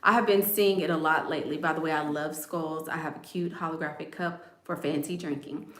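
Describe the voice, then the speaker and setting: A woman's voice: low voice, fairly even intonation, a little fast, fairly bright tone, roomy sound. A woman chatting casually to her viewers in a playful, talkative way, calling them y'all. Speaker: vlogger. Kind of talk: casual chat.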